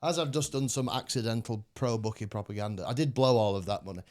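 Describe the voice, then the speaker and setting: A man's voice: on the low side, fast, a little mellow. A man hosting a casual podcast chat, rambling, swearing and laughing often. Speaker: podcast host.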